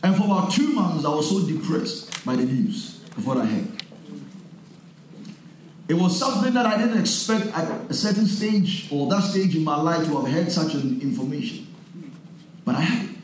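A male pastor delivering a sermon, telling personal stories and building up to forceful preaching. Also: on the high side, animated, moderate pace, slight background noise. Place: church hall. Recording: echoey hall.

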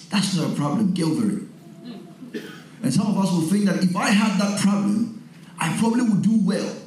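A male pastor delivering a sermon, telling personal stories and building up to forceful preaching. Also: high-pitched, slight background noise. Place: church hall. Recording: echoey hall.

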